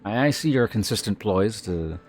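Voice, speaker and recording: Low-voiced man chatting on stream. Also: lively intonation, normal speed, faint music behind. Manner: rambling, with frequent restarts and filler words. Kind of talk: casual chat with live viewers.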